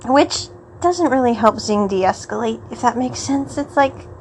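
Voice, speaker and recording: A chatty woman hosts a podcast with a fairly high voice. She recaps an episode in a rambling, casual way, laughing between phrases. A faint hum sits under her voice. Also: lively intonation, unhurried, poor audio. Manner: chatty and rambling, often laughs mid-sentence. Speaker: podcast host.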